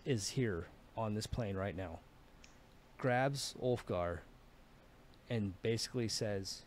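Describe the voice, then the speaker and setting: A man's voice: fairly low pitch, slow pace, pauses often, slight background noise. A man narrating as dungeon master, telling a battle in a casual, profane way with many fillers. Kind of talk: narrating a tabletop game.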